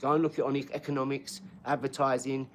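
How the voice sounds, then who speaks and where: A man's voice: medium pitch, little pitch movement, quick pace, a little hiss or hum. A man hosting a casual livestream, rambling between topics, swearing freely and answering viewers' comments. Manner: talks to viewers' comments directly. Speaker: livestream host.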